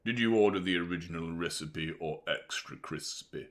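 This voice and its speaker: A man voicing a big fat cartoon chicken, deep and slow. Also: fairly bright tone. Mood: pompous.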